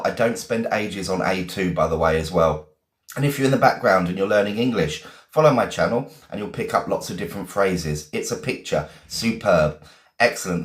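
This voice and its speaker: A man's voice: fairly low pitch, echoey room. A man teaching a live online English class, praising his students often.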